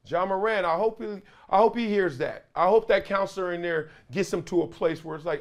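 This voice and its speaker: A middle-aged man talking straight to his audience in a loose, conversational way. His voice sits a little high, and he shifts between punchy emphasis and soft, reflective asides. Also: lively intonation, a little fast, few pauses. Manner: emphatic, earnest, swings loud to quiet. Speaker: show host and commentator. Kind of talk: casual solo commentary to camera.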